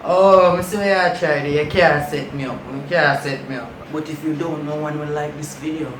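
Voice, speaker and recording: A woman's voice: low-pitched, fairly even intonation, moderate pace, background noise. Playful Jamaican woman sketch host. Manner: playful patois banter. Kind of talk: comic countdown sketch. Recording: echoey room.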